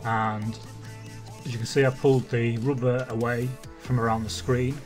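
A man's voice: mid-range voice, level tone, moderate pace, faint music behind. A man casually narrating his car restoration work in a garage workshop, plain-spoken and chatty with some swearing.

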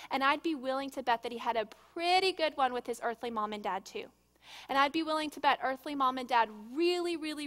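Church speaker, a woman in her 30s, high voice, earnest conversational preaching, reverberant hall. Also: fairly bright tone. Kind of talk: sermon. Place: church sanctuary.

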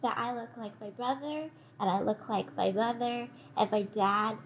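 High-voiced woman playing a tabletop game. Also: normal speed, slight background noise. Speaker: player. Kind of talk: in-character tabletop play.

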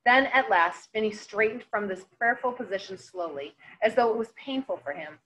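A woman teacher reading a novel aloud to her class, in an expressive read-aloud manner. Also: mid-range voice, normal speed, a little hiss or hum, poor audio.

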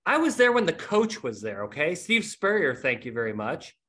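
A man's voice: a little high, big pitch swings, moderate pace, fairly bright tone. A middle-aged man hosting a podcast, telling stories in casual, self-mocking chat. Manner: rambling storyteller, self-mocking. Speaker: podcast host.

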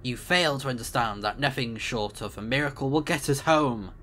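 A man's voice: mid-range voice, moderate pace, sharp tone, a little hiss or hum, natural voice. A man reading out the lines of a formal, dutiful male starship AI in a stiff, polite manner, with small stumbles. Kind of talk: reading game dialogue aloud.

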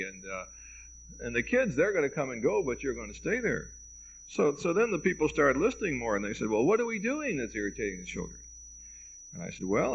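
A middle-aged man lectures with wry, dry humor, playing out both sides of the conversations in his anecdotes. His voice sits in a middle register with a gravelly edge. The old reel-to-reel tape sounds muffled and lo-fi, with a faint hiss and hum. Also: mid-range voice, fairly bright tone. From United States. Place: lecture hall at a college.

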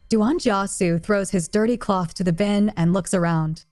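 A woman reads a translated romance novel aloud in short, plain sentences, her voice sitting at an ordinary mid pitch. Her delivery stays even and unhurried. Soft music plays faintly behind her. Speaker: audiobook narrator.

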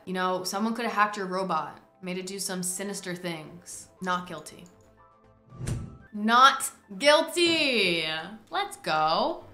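Playful female streamer, theatrical judge energy, roomy room sound with faint music. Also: fairly low pitch. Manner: theatrical, quick swings into loud exclamations. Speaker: streamer playing a courtroom judge game. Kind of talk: playful gaming commentary.

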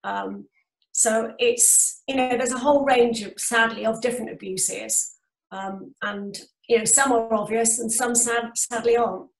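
A woman's voice: fairly high pitch, fairly even intonation, measured pace, gravelly, roomy sound, recorded from a distance, poor audio. A woman speaking as a guest, rambling with many fillers and repeated words. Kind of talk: casual discussion.

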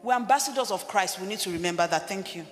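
A middle-aged woman preaching a sermon as a pastor, emphatic and shouting at her peaks. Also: quick pace. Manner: emphatic, rising to shouts and dropping low for quoted voices. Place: church hall. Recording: reverberant church hall with music.

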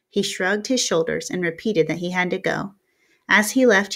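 A woman reading a novel chapter aloud as an audiobook. Her narration is steady and told in the first person, as a storyteller. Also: lowish voice, moderate pace, creaky. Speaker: reader.

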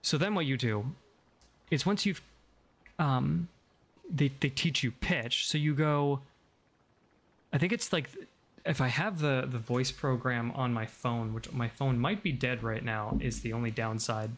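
A woman streamer chats casually, rambling with lots of fillers as she demonstrates voice exercises that shift between a low and a higher register. She speaks a little slowly, with long pauses.

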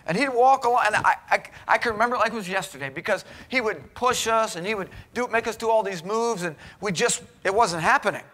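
A man's voice: sits high, quick pace, few pauses, a bit bright. A man preaching a sermon in a college chapel, earnest and exhorting, pressing his points with rhetorical questions.

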